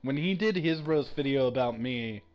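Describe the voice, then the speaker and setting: A man hosting a gaming stream, chatting casually and excitably, laughing often as he rambles. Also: medium pitch, moderate pace. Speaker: streamer host. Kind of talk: casual chat while gaming.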